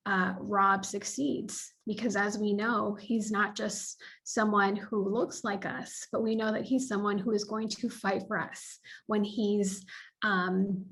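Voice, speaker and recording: A woman giving a speech of thanks at a virtual celebration over a video call, with many small pauses and fillers. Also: mid-range voice, flat delivery, a bit bright. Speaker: local club representative.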